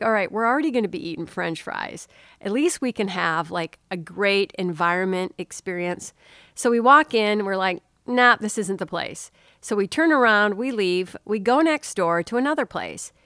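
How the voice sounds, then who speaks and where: A middle-aged woman hosts a podcast, telling a casual story in an animated way. Her voice jumps up sharply when she acts out what people said. The sound is close and dry, with no room echo. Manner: animated, with quick jumps in pitch for quoted dialogue. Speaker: podcast host.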